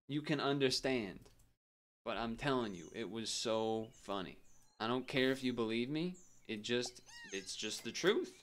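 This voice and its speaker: A man's voice: mid-range voice, smooth. Rambling man streaming a game. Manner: rambling, chuckling storyteller. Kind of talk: casual gameplay commentary.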